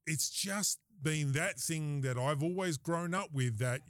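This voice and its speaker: An Australian man hosting a podcast, telling a story in a casual, animated way, often laughing and acting out what people said. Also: fairly high pitch, a little slow, no echo, clean studio sound. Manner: animated, laughing storyteller who acts out quoted lines. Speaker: podcast host.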